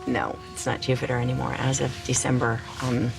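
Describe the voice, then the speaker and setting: A woman's voice: rumbling low, level tone, a little fast, vocal fry, over music, heavily acted. An actress playing an emotional young mother who coos over her baby daughter in a TV drama. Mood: affectionate. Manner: cooing and tender, emotional. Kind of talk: TV drama acting.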